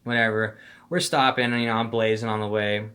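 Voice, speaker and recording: A man's voice: on the low side, level tone, fairly quick, fairly bright tone, clean tone. A young man telling a story in casual slang, rambling and profane, acting out the voices of the people he quotes. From Phoenix, Arizona. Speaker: storyteller vlogger.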